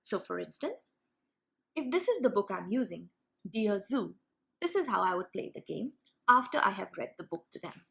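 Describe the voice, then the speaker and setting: A young woman hosting a reading lesson video, explaining clearly and sounding out demonstration words slowly. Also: mid-range voice, sing-song, fairly bright tone. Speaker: teacher and channel host. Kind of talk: instructional video for parents and teachers.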